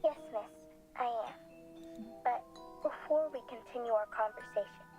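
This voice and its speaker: A frail, soft-spoken woman on a game's phone line, voiced by an actress. She speaks politely and in measured phrases, her pitch a touch high. Game music plays faintly behind. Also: lightly acted. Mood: hushed.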